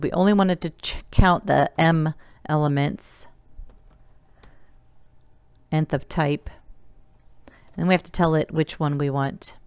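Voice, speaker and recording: A woman's voice: sits low, smooth, no room sound, studio quality. A woman teacher giving a recorded remote lesson, explaining each step patiently and counting elements aloud.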